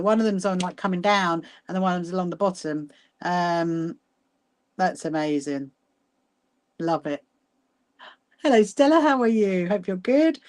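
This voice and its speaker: Woman, sewing livestream host, chatty, greets viewers, frequent laughter, mid pitch. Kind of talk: casual livestream chat while sewing. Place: sewing room at home.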